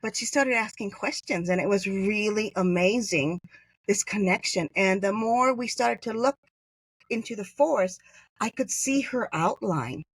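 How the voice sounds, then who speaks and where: Podcast guest, a woman from Hawaii, recounts a story with animated jumps and self-corrections; dry, close sound. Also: measured pace, breathy edge, dry recording, poor audio. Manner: animated, acts out quoted voices with pitch jumps. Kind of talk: personal storytelling.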